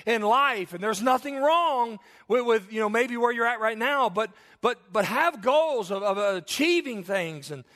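A male pastor preaching a sermon to his congregation, swinging from low, soft asides to raised, near-shouted emphasis. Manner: varied delivery, drops low and soft then rises to near shouts.

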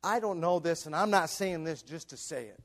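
A middle-aged man preaching a sermon in a church, swinging from loud bursts to near whispers. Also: a little high, expressive, moderate pace. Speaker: pastor. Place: church sanctuary.

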